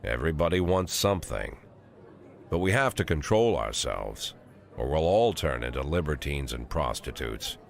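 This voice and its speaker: Cynical sixty-year-old police chief, very deep voice, dry weary game narration. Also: male voice, very animated, moderate pace, vocal fry, heavily acted. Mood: sardonic. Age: 60s.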